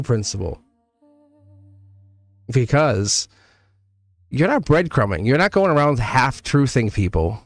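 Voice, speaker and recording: A man in his thirties reads tarot live for his viewers, lively and quick to laugh, speaking to them directly. His voice sits at a middle pitch. Faint music plays behind him. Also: no room sound. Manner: animated, laughs often, talks straight to viewers. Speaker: tarot reader.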